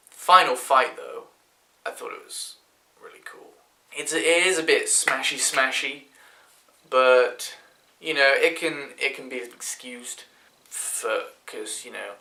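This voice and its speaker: A man's voice: medium pitch, gravelly, pushed and bright. A man with a British accent giving a rambling, chatty movie review, full of fillers and restarts. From Britain. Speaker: film reviewer. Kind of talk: casual spoken movie review. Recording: echoey room.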